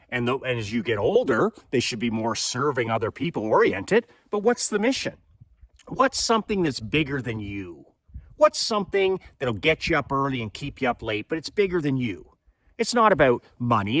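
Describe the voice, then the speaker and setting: A man's voice: mid-range voice, a bit bright, no echo, studio quality. A man in his fifties giving a fervent motivational monologue, firing rhetorical questions and repeating his points. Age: 50s. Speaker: motivational speaker.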